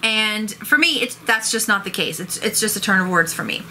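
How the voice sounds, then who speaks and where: Bright, animated woman vlogging. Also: medium pitch, moderate pace, slight background noise. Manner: animated, expressive. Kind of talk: casual talking-head vlog.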